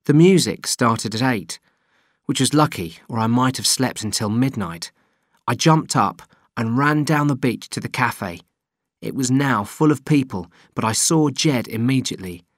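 Man reading a story out, plain steady delivery, mid pitch, dead dry booth sound. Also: measured pace, no echo. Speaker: audiobook narrator. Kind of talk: scripted narration.

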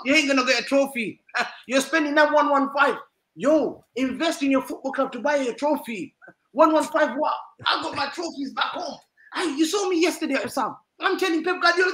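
A man on a football podcast panel, bantering loudly and teasing rival fans, laughing often as he talks. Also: very high voice, animated, a little fast, reverberant, rough recording. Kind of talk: loud banter-filled casual chat.

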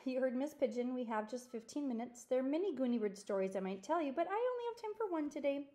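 A woman's voice: high-pitched, lively intonation, quick pace, mellow. A woman voicing a confident, self-assured schoolgirl who tells stories to her class, in a storybook reading.

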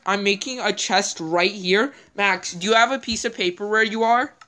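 A woman's voice: mid-range voice, a bit bright. A woman hosting a gameplay video, thinking aloud in casual, rambling commentary as she plays.

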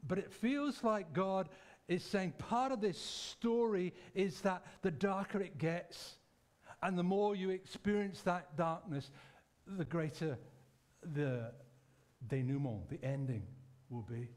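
A man preaching a sermon in a church, speaking conversationally and reflectively, pausing to correct himself and add asides. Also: sits high. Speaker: pastor.

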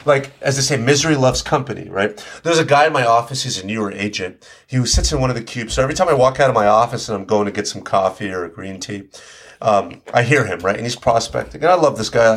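A man talking as a podcast guest in casual, animated chat, often restarting his sentences. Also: fairly low pitch, fast talker, gravelly, slightly rough. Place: studio.

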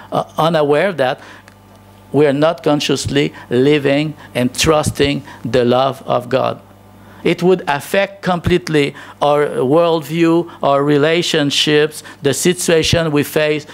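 A man's voice: on the high side, vocal fry. A male pastor preaching a sermon, emphatic, with rhetorical questions and frequent restarts.

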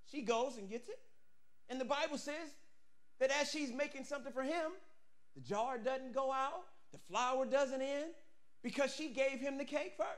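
A male pastor preaching an energetic, humorous storytelling sermon who often bursts into shouting. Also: very high-pitched, moderate pace.

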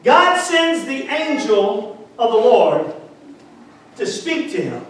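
A male pastor preaching a fervent sermon, calling out to the congregation and rising to shouts. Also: extremely high pitch, sing-song, slow. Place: church sanctuary. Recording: echoey church hall, far from mic.

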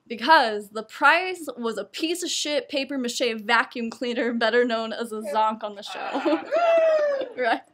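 A woman's voice: on the high side, measured pace, slight background noise. Laughing young woman telling a story. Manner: laughs often between lines, lively and self-mocking. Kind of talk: personal storytelling performance.

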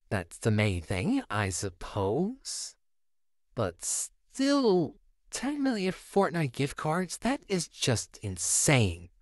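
A performer voicing a flustered, sarcastic male puppet neighbor stuck babysitting a child, in a home-made fan audio drama with a close, dry home mic. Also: no echo. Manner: sarcastic, easily flustered, wildly swinging pitch.

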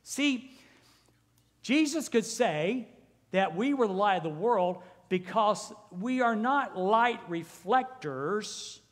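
Animated high-voiced preacher, reverberant church. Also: male voice, slow pace. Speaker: pastor. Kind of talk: sermon. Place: church sanctuary. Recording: church hall with long reverb.

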